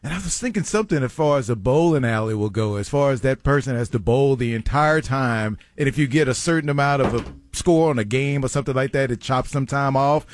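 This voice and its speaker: A man hosting a podcast, joking around in casual chat as he brainstorms ideas out loud. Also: mid-range voice, a little fast, hardly any pauses. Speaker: podcast host.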